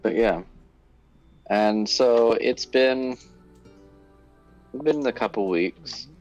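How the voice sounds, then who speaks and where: A man narrating as game master for a tabletop game, halting and full of fillers and restarts. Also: medium pitch, a little mellow, dull audio, soft background music.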